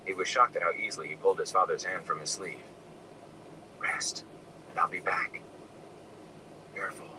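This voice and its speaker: A man reading a novel aloud in a soft, hushed narration, sometimes dropping to a whisper. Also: sits low. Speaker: audiobook reader. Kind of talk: scripted narration. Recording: distant mic with air conditioning noise.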